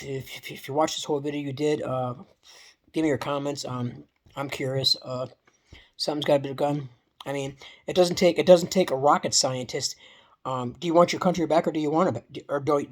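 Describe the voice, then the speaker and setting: Woman, low voice, profane, repetitive vlog ranter. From Canada. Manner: heated, profane, repetitive, with many restarts. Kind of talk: casual political rant vlog.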